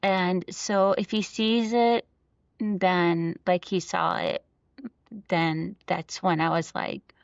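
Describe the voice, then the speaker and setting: A woman's voice: on the low side, level tone, slow, creaky, dry recording. A woman in her thirties, an interview guest, talking with emotion and many fillers and restarts. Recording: dull, lo-fi dry recording.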